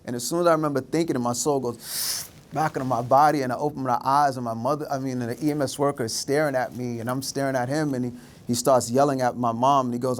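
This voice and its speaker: Middle-aged male speaker, vivid storyteller, does voices for characters, mid-range pitch. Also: steady tone, fast talker. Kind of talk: storytelling talk.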